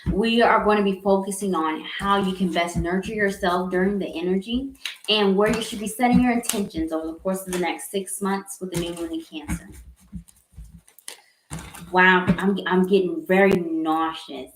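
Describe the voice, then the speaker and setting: A woman giving a live tarot reading in a slow, earnest, halting way, with sighs and repeated words. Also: medium pitch, slight background noise. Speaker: tarot reader. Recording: echoey room.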